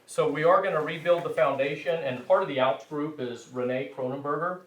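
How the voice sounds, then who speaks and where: Speaking a little fast in a higher-pitched voice, this man delivers a rambling, self-deprecating language lecture full of restarts. It was recorded at a distance in an echoey room.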